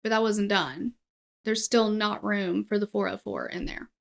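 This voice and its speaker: A woman's voice: mid-range voice, steady tone, normal speed, vocal fry. A woman with a slight cold co-hosting a casual true-crime podcast, making wry, emphatic asides. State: slight cold, itchy nose. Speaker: podcast co-host.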